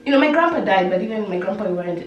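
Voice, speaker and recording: A woman chatting with friends, calmly explaining how she deals with setbacks. Her voice sits in the middle of the range. The room is echoey and she sounds slightly off-mic. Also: medium pitch, racing, distant mic, highs cut off, slight background noise. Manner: reflective, talks through her own coping habits. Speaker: podcast co-host. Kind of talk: casual group chat.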